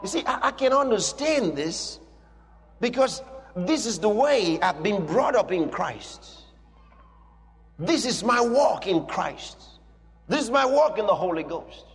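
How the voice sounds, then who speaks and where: A man's voice: high-pitched, fairly bright tone, in a large hall. A man preaching a sermon, emphatic and repeating his declarations for effect.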